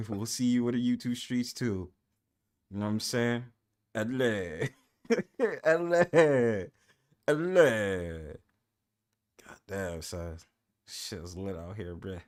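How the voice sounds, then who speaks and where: A man with a New York accent hosting a casual livestream panel, laughing often and cursing freely, swinging between loud bursts and low mumbles. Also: takes it slowly, pauses often.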